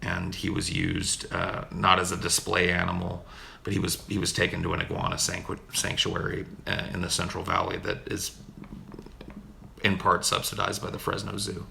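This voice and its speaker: A man's voice: deep voice, creaky, pushed and bright, a little hiss or hum. A man chatting casually with his stream audience, laid-back and profane, often calling people dude. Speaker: streamer answering chat. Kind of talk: casual chat. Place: home recording room.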